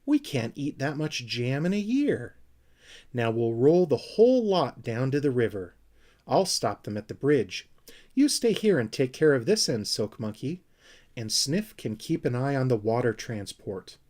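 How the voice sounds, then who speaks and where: A man's voice: medium pitch, big pitch swings, a little slow, darkish tone. A man voicing an earnest, curious young male troll who leads his friends. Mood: bossy.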